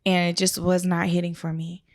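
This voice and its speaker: A woman's voice: on the low side, completely flat delivery, normal speed, a little mellow. A woman, a wedding photographer, talking casually and emotionally as a guest in her own studio. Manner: chatty and emotional, acts out quoted voices. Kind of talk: casual interview conversation.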